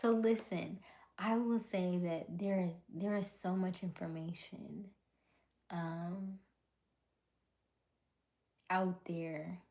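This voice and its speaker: Woman host, slow unhurried pace, lowish voice, live chat with viewers, drifts into whispers. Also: fairly even intonation, mellow. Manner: often drops to a whisper, laughs, greets viewers. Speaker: livestream host. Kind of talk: casual live chat reading comments.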